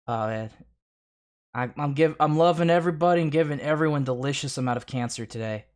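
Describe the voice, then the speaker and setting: A man's voice: a little high, a little fast. A man hosting a casual livestream, talking profanely and rambling, often laughing and tripping over restarts. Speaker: livestream host.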